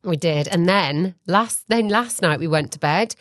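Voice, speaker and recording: A woman co-hosting a casual chat podcast, telling animated stories and swearing casually. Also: lowish voice, measured pace, no echo, studio quality. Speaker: podcast co-host.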